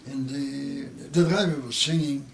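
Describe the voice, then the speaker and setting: A man in his eighties with Yiddish as his first language, telling a story with halting, repeated words that grow emotional. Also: medium pitch, steady tone, gravelly, slight background noise. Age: 80s. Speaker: interviewee. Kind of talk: oral history interview.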